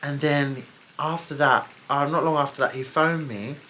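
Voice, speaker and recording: Low, sharp-toned woman telling a story. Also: steady tone, normal speed, a little hiss or hum. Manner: blunt and candid, swears freely, exasperated asides. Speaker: storytime vlogger. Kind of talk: casual storytelling.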